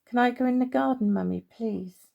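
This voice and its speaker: A woman voicing an eager little boy who pleads and asks in an excited way. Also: fairly high pitch, normal speed, vocal fry, highs cut off. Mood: pleading.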